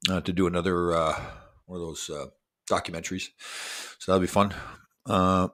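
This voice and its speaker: Deep-voiced man in his sixties chatting. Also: level tone, moderate pace, a bit bright. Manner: rambling, joking and self-deprecating. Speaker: show host. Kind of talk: casual livestream chat with viewers.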